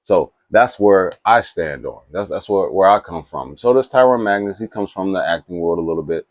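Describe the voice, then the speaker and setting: Low-voiced guy rambling on camera about movies, hyped, dry close sound. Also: moderate pace, no room sound. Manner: rambling, with restarts and asides; animated and excitable. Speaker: movie reaction YouTuber. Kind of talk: casual chat to camera.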